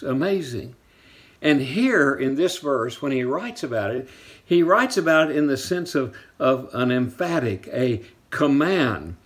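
Storytelling man preaching a sermon. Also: medium pitch. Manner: storytelling preacher, shifts pace for emphasis, drops to soft asides. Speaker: pastor.

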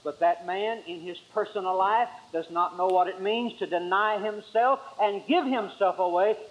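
Man preaching a sermon, lo-fi recording. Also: moderate pace. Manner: emphatic, rises high then drops to quiet lines.

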